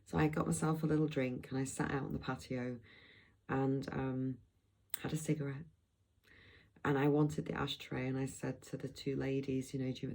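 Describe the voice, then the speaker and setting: A woman's voice: very deep voice, vocal fry, dark tone, poor audio. A middle-aged woman from Blackpool, chatting in a loose, rambling vlog with frequent restarts and asides. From England, Blackpool. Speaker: vlogger. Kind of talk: rambling travel vlog chat.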